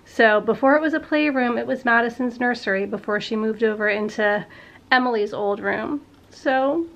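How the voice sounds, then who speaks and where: A woman in her thirties, a vlogger chatting with viewers and getting sentimental as she clears out a room at home. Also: fairly high pitch, moderate pace, a bit bright, muffled recording. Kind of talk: casual vlog narration. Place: at home, in a playroom.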